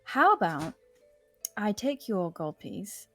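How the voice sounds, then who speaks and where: A woman's voice: medium pitch, very animated, slow pace, fairly bright tone. A young woman playing a polite, formal character in a tabletop game, giggling often between lines. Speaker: player. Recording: faint music behind.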